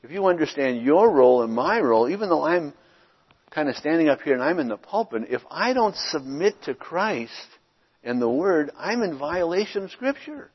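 Middle-aged man, husky pastor, conversational sermon voice, dull recording with long church reverb. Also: a little high, big pitch swings. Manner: reads scripture deliberately, then explains in an informal, conversational way. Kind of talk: sermon with scripture reading. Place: church sanctuary.

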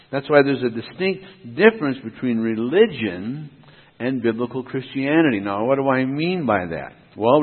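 Man, pastor, sermon, emphatic rhythmic delivery, asks and answers himself, tinny lo-fi sound, long hall echo. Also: mid-range voice.

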